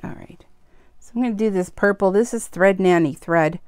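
A woman's voice: medium pitch, moderate pace, darkish tone, smooth, no echo. A tired woman hosting an embroidery vlog, chatting in a rambling, self-deprecating way with lots of fillers while she works. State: tired, yawning. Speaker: embroidery channel host. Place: home sewing room, sewing machine running.

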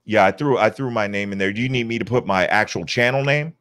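A man's voice: on the low side, fast talker, fairly bright tone. A man speaking as a panel guest, laid-back and easygoing in casual conversation.

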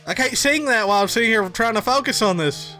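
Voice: medium pitch, quick pace, sharp tone, faint music behind. A let's player commenting on a game while reading its lines aloud, giggly and reactive, on a close mic. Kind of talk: gameplay commentary.

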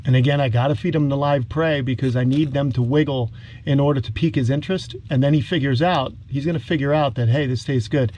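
A man with a New York accent hosts a casual outdoor vlog, narrating while he feeds his reptiles; he's a reptile keeper and channel host. His mid-range, darkish voice moves fast with fairly even intonation, and he's upbeat and enthusiastic, talking to the lizards like pets. Faint background noise is audible.

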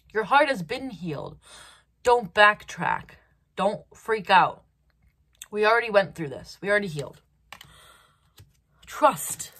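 A woman giving a solo tarot card reading, talking in an animated way with restarts and acted-out reactions. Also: medium pitch, a little hiss or hum. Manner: animated, acts out quoted reactions, hesitant restarts. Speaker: tarot reader.

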